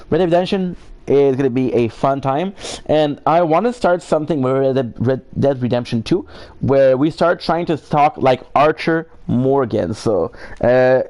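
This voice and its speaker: A man's voice: mid-range voice, a little mellow. A tired man streaming a video game live, chatting casually and rambling with lots of fillers and casual swearing. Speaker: gaming streamer. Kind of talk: casual live gameplay chat.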